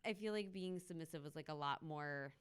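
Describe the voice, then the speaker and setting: A woman's voice: low voice, a little fast, smooth. A woman co-hosting a podcast, chatting casually and laughing often as she rambles through anecdotes. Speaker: podcast co-host. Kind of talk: casual chat. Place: live show in a loft venue.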